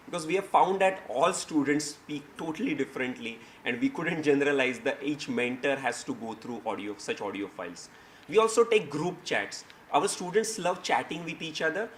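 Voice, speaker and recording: A man's voice: fairly high pitch, fairly bright tone, slight background noise. A man giving a seminar presentation, explaining his teaching approach with frequent restarts and fillers. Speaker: speaker presenting his company. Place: seminar hall.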